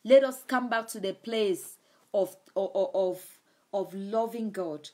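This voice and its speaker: A woman's voice: medium pitch, slow pace, a little mellow. A woman preaching in a live-streamed sermon, emphatic, and often repeating her key phrases.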